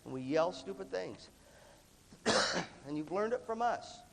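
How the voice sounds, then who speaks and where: A man giving an animated live motivational talk to students, often coughing and acting out voices. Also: high-pitched, normal speed, creaky. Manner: animated, acts out quoted voices, coughs between phrases. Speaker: motivational leadership speaker. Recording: reverberant hall recording, faint background noise.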